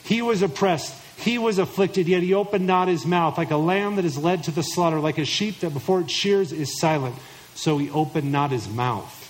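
A man's voice: fairly high pitch, normal speed, low-quality recording. A middle-aged man preaching a sermon to husbands, emphatic and direct, acting out imagined listeners in mock voices. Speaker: pastor.

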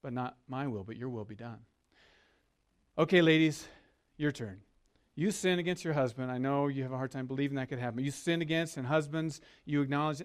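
A man's voice: mid-range voice, a little fast, clean tone. A man preaching a sermon as a pastor, earnest and leading his listeners to repeat words with him. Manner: earnest, leads congregation call-and-response.

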